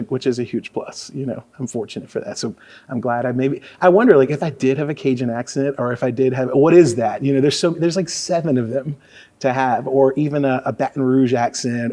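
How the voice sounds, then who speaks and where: Laid-back male radio DJ in his forties from Louisiana, spinning casual stories. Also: medium pitch. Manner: relaxed storyteller, lots of fillers. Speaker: radio DJ, guest. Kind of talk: casual conversational interview.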